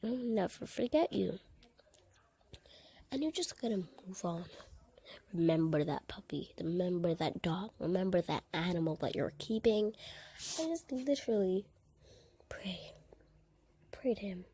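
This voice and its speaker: A woman vlogger recording a soft, hushed and emotional voiceover. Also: lowish voice, animated, unhurried, long pauses, husky. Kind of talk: vlog voiceover.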